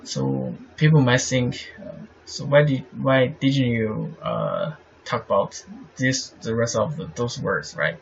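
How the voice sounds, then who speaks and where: Slow, gravelly man teaching. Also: medium pitch, animated. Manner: halting, many fillers, asks "right?" often. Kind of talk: explaining Chinese poetry meter. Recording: slightly dull sound with faint noise.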